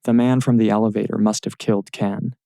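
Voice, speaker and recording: An anxious young mother presses with urgent questions, as a man reads her part. The voice is low and gravelly, with little rise and fall. The sound is close and dry. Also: flat delivery, a little fast, warm tone, no echo.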